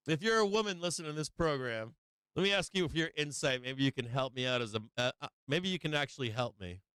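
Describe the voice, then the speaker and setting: Middle-aged male livestream host, crude and jokey, smooth voice, dry close sound. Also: on the high side, lively intonation, brisk, pushed and bright, no room sound. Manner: crude, joking, laughs often, lots of swearing. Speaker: stock market livestream host. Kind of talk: profane casual livestream chat.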